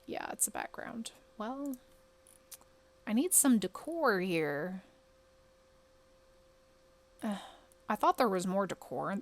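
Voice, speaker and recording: A woman playing a game and talking it through casually, muttering to herself and breaking into quick exclamations. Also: medium pitch, gravelly. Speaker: game streamer. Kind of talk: casual commentary while playing.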